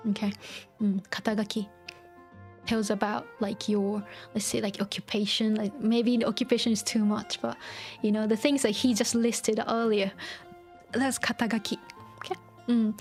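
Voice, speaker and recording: A woman's voice: fairly high pitch, steady tone, moderate pace, darkish tone, faint music behind. A woman teaching a language while streaming a video game, thinking aloud and explaining step by step with lots of fillers. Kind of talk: live-streamed gaming lesson.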